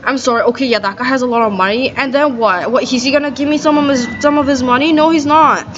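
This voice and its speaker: A woman's voice: high voice, quick pace, background noise. Exasperated woman ranting outdoors. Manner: exasperated, profane, rambling. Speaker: vlogger. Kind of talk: ranting casual monologue. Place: outdoors on grass. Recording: slightly dull sound, faint outdoor ambience.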